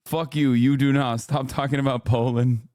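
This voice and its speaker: A man's voice: mid-range voice, steady tone, moderate pace, a little mellow, dry recording, studio quality. A man streaming from home, chatting casually with his viewers in a brash, profane way and laughing often. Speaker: streamer reacting to a video. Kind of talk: casual live-stream chat.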